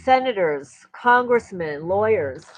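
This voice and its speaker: A woman's voice: medium pitch, expressive, slow, slight background noise, rough recording. A woman hosting a livestream, chatting in a rambling way and answering viewer comments. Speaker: livestream host. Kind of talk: casual livestream chat.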